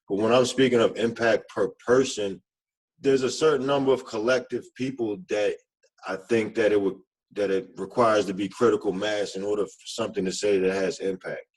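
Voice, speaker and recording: Low-voiced man. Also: rough recording. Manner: halting, reflective, many fillers; self-described monotone. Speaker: community business owner presenting. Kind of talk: online panel presentation.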